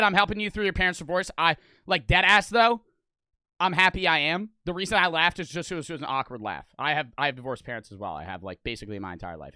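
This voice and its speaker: A young man live-streaming with a high, lively voice that swings all over the place. He talks bluntly and swears constantly as he reacts, and laughs awkwardly between lines. The sound is close and dry, with no room around it. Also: dry recording. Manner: loud, blunt and heavily profane, with bursts of awkward laughter.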